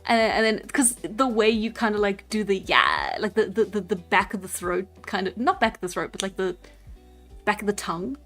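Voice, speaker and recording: A woman's voice: medium pitch, sing-song, normal speed, a bit bright. A woman hosting a casual livestream, chatting in a rambling way with lots of fillers and frequent giggles. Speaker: livestream host. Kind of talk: casual livestream chat while drawing. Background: faint background music.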